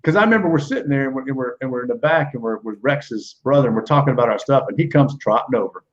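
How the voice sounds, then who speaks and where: A man's voice: mid-range voice, lively intonation, rapid-fire, lo-fi sound. A man in his forties, a former wrestler and guest, telling rambling, profane backstage stories in a casual chat and laughing along the way.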